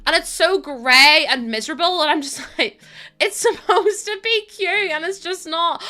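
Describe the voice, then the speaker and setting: A woman's voice: high-pitched, sing-song, normal speed, bright, forceful tone. A woman with a Northern Irish accent chatting casually on a live stream, laughing often and thanking viewers by name. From Northern Ireland.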